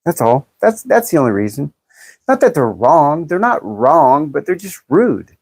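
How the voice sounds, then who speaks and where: A woman's voice: sits low, very animated, a little slow, creaky, darkish tone, slightly rough, no room sound. A woman in her fifties chatting bluntly and jokingly on a livestream, reading viewer comments aloud and laughing often. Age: 50s. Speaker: livestream host. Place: in California.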